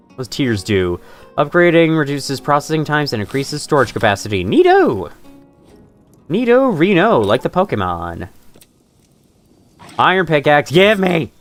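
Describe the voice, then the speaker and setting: Lively young man streaming a game. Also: medium pitch. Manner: chatty, laughs often, talks to game creatures. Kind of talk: live gameplay commentary. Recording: faint music in background.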